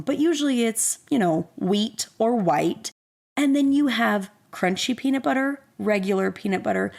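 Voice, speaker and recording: Woman in her thirties with vocal fry. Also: mid-range voice, darkish tone. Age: 30s. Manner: candid, self-deprecating, conversational. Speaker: podcast host. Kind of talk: personal storytelling.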